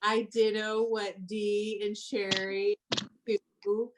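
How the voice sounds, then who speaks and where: A woman on a family video call sending fond, halting birthday wishes. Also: mid-range voice, level tone, noisy background. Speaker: sister-in-law.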